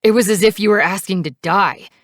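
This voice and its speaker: A woman reading the lines of an angry, grieving young male biker in an audiobook, shouting and accusing. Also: medium pitch, a little fast, no echo, clean studio sound, pitched above the performer's own voice, close to an everyday voice.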